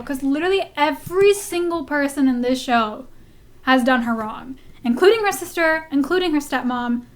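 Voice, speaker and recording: A young woman vlogger reacting casually, talking in an animated, blunt and sweary way. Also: high-pitched, normal speed.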